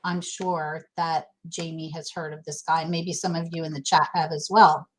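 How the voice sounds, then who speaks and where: A middle-aged woman speaks as a guest in a casual interview, candid and emotional, often restarting her sentences. Her voice sits low with a level tone at normal speed, and the recording is rough.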